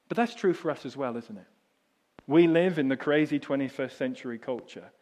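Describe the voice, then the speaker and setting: A middle-aged man preaching a sermon, telling a story that drops soft and low and then rises loud and high. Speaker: pastor.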